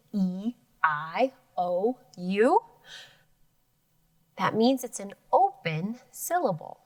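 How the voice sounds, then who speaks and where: Slow, lively teacher woman. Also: mid-range voice, no echo, recorded from a distance. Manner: slow, clear, stretching out sounds and letters. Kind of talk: phonics lesson for children. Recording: dry sound, voice a bit off the mic.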